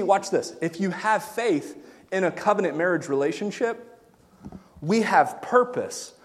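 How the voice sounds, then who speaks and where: A married pastor preaching a sermon to his church, swinging from quiet asides to shouted excitement and laughing at his own jokes. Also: high voice. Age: adult, married. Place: church sanctuary. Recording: long reverb in a church hall.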